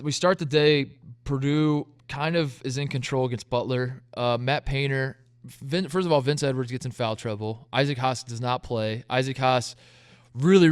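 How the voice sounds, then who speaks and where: A man co-hosting a sports podcast, telling stories in a casual, animated way and acting out what other people said. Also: mid-range voice, smooth, no echo, studio quality. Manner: animated storytelling, acts out quotes in jokey voices. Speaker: podcast co-host.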